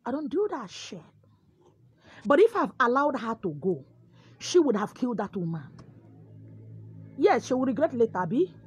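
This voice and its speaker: A woman with a Nigerian accent telling a comic first-person story, dramatic and lively. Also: on the high side, moderate pace, long pauses, husky, no echo. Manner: dramatic, lively, code-switching.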